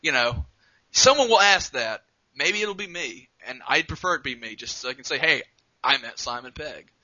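A man's voice: a little high, big pitch swings, normal speed, bright, forceful tone. A man co-hosting a podcast in casual chat, rambling and profane, with many restarts. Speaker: podcast co-host. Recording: muffled lo-fi audio.

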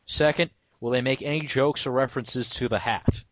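A man co-hosting a casual movie chat, putting in quick, quizzical questions and asides. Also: mid-range voice, no room sound. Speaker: podcast co-host. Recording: dry, dull lo-fi sound.

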